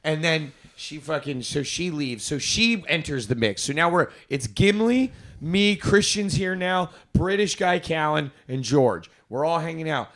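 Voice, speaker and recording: A man's voice: on the high side, lively intonation, unhurried, few pauses, a bit bright. A young man co-hosting a comedy podcast, telling a rambling, profane story and acting out the people in it. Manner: rambling, profane, acts out the people in his stories. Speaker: podcast co-host.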